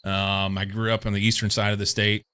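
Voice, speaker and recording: Young male streamer from Missouri; crisp, bright tone, a touch low, meandering chatty delivery. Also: monotone, a little fast. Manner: rambling, meandering, many fillers. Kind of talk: casual chat while playing a game.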